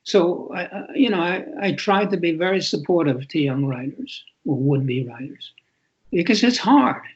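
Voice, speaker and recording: A man's voice: on the high side, animated, normal speed, breathy edge. Older man, thoughtful, repeating himself. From New York City. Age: 80s. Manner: thoughtful, repeats words and phrases for emphasis. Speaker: author guest. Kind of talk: reflective interview talk. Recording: lo-fi muffled audio.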